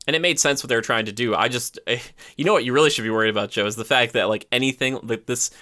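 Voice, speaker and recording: A man on a podcast talks casually through a movie review. His voice is bright and forward. He keeps slipping into quoted character voices to act out scenes. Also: medium pitch, quick pace. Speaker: podcast co-host.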